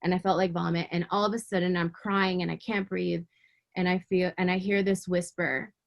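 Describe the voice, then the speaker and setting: A woman guest in an interview giving a personal faith testimony. She speaks with emotion and earnestness, often halting, repeating words and restarting her sentences. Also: fairly low pitch, little pitch movement, vocal fry, muffled recording. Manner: fervent and earnest.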